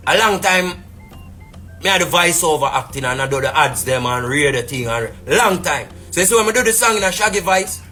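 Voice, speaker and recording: A man's voice: a little high, expressive, a little fast, sharp tone, faint music behind. A man with a Jamaican patois accent, ranting casually and indignantly on a live stream, rambling and repeating fillers. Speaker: businessman telling his side.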